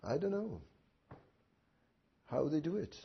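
A man preaching a sermon who swings from hushed asides to loud impassioned outcries, with many rhetorical questions to his listeners. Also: a little high, big pitch swings, slow, vocal fry, breathy edge. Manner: tag questions and rhetorical questions to the congregation. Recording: dull lo-fi recording.

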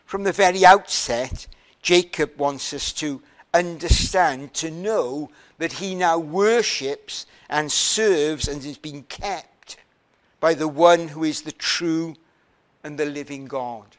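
A male preacher delivering a sermon at an unhurried, measured pace. His voice sits a touch higher than most men's. He leans on key words with emphasis and tosses in rhetorical questions.

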